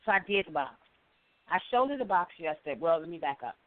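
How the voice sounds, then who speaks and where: A middle-aged woman calling in to a show, telling a story with lively acted-out quotes. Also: fairly low pitch, quick pace, no echo. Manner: animated storyteller, acts out quoted voices. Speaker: caller. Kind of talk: call-in storytelling. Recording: phone line.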